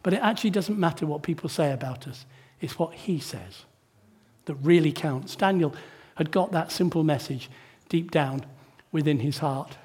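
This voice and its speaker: A man preaching a sermon in church, asking the congregation rhetorical tag questions and shifting between hushed and emphatic delivery. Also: on the high side, normal speed, husky.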